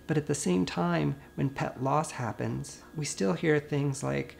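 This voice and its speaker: A grieving man, a veterinarian, speaks to camera in a gentle, earnest and consoling way. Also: fairly high pitch, takes it slowly, gravelly, a little hiss or hum. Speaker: veterinarian and video host. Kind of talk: personal vlog talk to camera.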